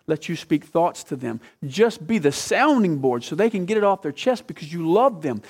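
A man's voice: fairly high pitch, a little mellow. A man preaching a sermon as a pastor and counselor, quoting Scripture and putting questions to the congregation.

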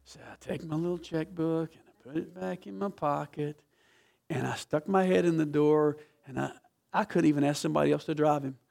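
A man preaching a sermon as pastor, telling a story with passion, swinging from loud to hushed. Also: a little high, normal speed, vocal fry. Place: church sanctuary.

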